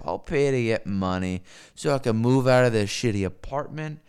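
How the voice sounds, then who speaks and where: A man's voice: lowish voice, normal speed, darkish tone, clean tone. A man streaming alone, giving a rambling, profane, sardonic rant. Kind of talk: unscripted solo rant.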